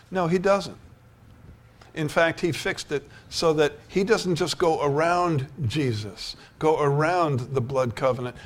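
An older man preaching a sermon, telling stories and building to emphatic declarations. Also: on the high side. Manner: storytelling, rising to emphatic preaching.

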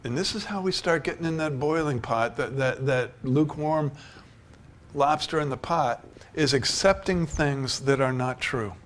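A man's voice: a little high, moderate pace. An older man preaching a sermon, telling stories and building to emphatic declarations. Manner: storytelling, rising to emphatic preaching.

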